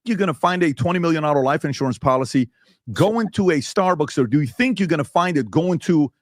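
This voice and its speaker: A man's voice: fairly high pitch, animated, fairly quick, no room sound, studio quality. A male podcast host in a heated debate, talking emphatically and firing rhetorical questions.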